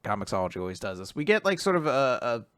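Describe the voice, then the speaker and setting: Fast and a bit bright, with big pitch swings in a mid-range voice, a man recaps manga chapters on a casual podcast he co-hosts, voicing the characters and laughing frequently. There's no echo.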